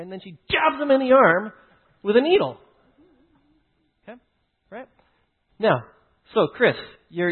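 Husky man over a tinny line. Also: high-pitched. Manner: keeps checking in with "right?" and "okay?". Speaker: teacher. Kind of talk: explaining through a personal story.

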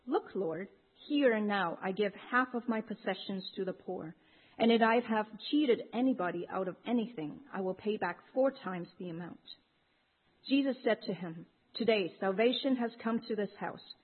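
A woman reading a long scripture passage aloud in a steady, measured way. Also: mid-range voice, husky. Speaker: scripture reader. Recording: narrow phone-like sound.

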